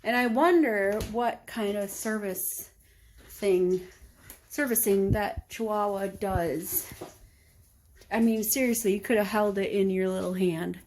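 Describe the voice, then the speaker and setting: A woman's voice: mid-range voice, a little slow, darkish tone, a little hiss or hum. A woman vlogging at home, chatting casually and rambling aloud to herself as she goes about her day. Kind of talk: casual chat. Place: at home indoors.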